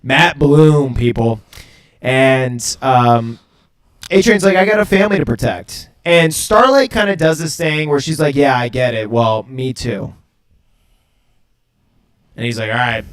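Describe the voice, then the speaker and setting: Chill dude on a podcast, laughs a lot, swears constantly, talks about a show. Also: male voice, mid-range voice, measured pace, pauses often. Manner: loose, laughing, heavy swearing. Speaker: podcast co-host. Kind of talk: casual chat recapping a TV episode.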